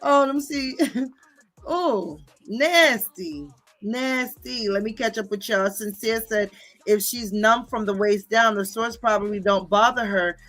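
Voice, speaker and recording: A woman's voice: on the high side, unhurried, a bit bright. Profane, heated woman ranting on stream. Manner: profane, confrontational, repeats "okay?" and "bitch". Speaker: livestream host. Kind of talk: heated livestream rant reading viewer comments.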